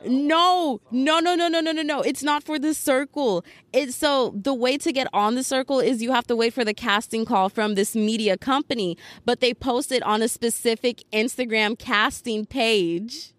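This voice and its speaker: A woman hosting a podcast in casual chat, telling a story in an animated, chatty way with lots of fillers. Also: a little high, normal speed, few pauses, dry recording. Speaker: podcast host.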